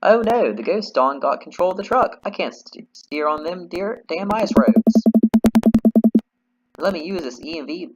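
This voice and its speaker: A man's voice: high voice, lively intonation, unhurried, music in the background, voice pushed up, poor audio. A man voicing a frantic ghost-hunting trucker in an exaggerated mock Canadian accent. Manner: overacted, frantic.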